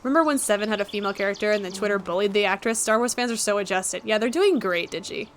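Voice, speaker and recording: A woman's voice: mid-range voice, quick pace, a little hiss or hum. A young adult woman livestreamer, chatting casually, joking and swearing as she talks. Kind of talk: casual stream chat.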